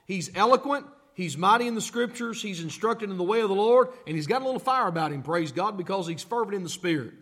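A man's voice: sits high, animated, quick pace, few pauses, fairly bright tone. A male pastor preaching a sermon, emphatic, repeating phrases and asking the congregation questions.

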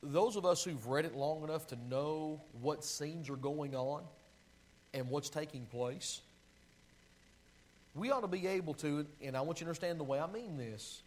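On a rough recording, a man with a somewhat high, darkish voice preaches a sermon, reading long scripture passages aloud in a pleading, sinking delivery. He often restarts and corrects himself while finding his place in the verses.

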